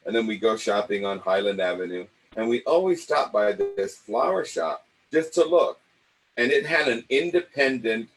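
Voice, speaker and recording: An older man from Los Angeles, an acting coach, telling personal stories in a lively way and acting out the voices of the people in them. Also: mid-range voice, poor audio. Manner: animated, acts out the voices of people in his stories. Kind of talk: personal storytelling.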